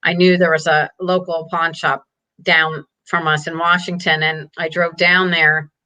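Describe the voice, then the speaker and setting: A woman's voice: low-pitched, level tone, measured pace, bright, forceful tone. A middle-aged woman telling a personal family story as an interview guest, candid and earnest, often saying "like". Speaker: guest, parent advocate.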